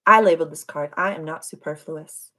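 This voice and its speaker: A woman's voice: low voice, brisk, pushed and bright. A woman hosting a casual astrology livestream, effusive and gushing, often repeating her words. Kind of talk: casual live-stream chat.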